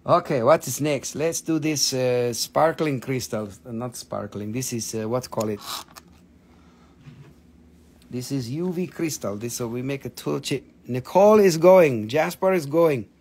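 A man's voice: mid-range voice, moderate pace, few pauses, darkish tone. Swearing, joking man selling rocks live. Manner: joking, blunt, swears freely, non-native phrasing. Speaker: live-stream seller of minerals. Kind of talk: casual live sales stream.

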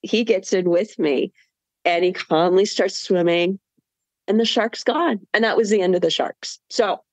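Woman guest, lively laughing storyteller, mid pitch, dry close sound. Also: unhurried, no echo. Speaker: marathon swimmer guest. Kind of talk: storytelling interview.

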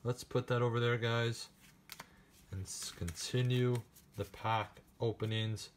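Casting note: man, unhurried delivery, excited card-opening vlogger, faint hiss in the background. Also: medium pitch. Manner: excited, chatty, addresses viewers. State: nervous and shaky. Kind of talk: casual unboxing narration.

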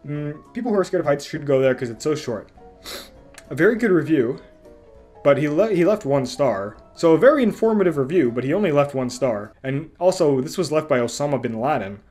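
A man's voice: on the high side, lively intonation, a little fast, a little mellow, faint music behind. A young man reading out and mocking online reviews in a sarcastic comedic style. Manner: sarcastic, mock voices for reviews.

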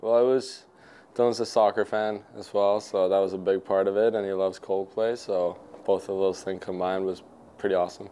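A Swedish man in his twenties, appearing as a hockey player guest, chats in a casual interview, speaking English as a second language with a Swedish accent. He's relaxed and easygoing with lots of fillers, his deep, smooth voice at a moderate pace.

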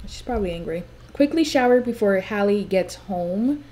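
A young woman casually commenting on a life-sim game, gushing and excitable, with big high swoops when she gets thrilled. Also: moderate pace. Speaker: gameplay commentator.

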